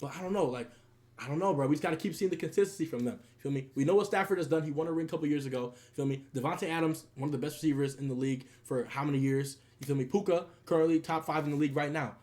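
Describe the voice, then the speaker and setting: A man's voice: on the high side, very fast, darkish tone. A young man streaming casually, talking sports in heavy slang and laughing often. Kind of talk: casual livestream commentary.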